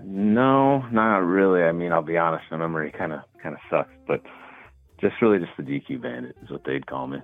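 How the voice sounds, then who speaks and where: A man, his voice very deep and thin like a tinny phone line. He tells stories in an easygoing way, padded with fillers. The sound is dry and close. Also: fairly quick, no echo, soft background music. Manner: laid-back storytelling with filler words. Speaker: caller. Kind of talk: casual phone call.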